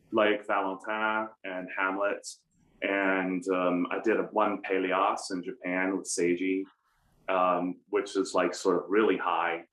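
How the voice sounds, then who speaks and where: A middle-aged American man, an opera baritone, telling animated stories with self-deprecating humor in a conversational interview. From United States. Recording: roomy room echo.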